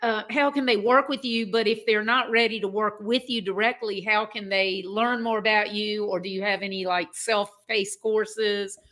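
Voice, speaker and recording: A woman's voice: mid-range voice, steady tone, normal speed, few pauses. An older woman hosting a podcast interview, chatty and encouraging. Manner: warm listener, frequent short affirmations and laughs. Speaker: podcast host. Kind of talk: casual interview chat.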